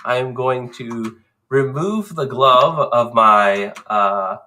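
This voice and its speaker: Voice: medium pitch, takes it slowly, pushed and bright. A player in a live-streamed tabletop game who narrates their character's actions expressively, with hesitant fillers.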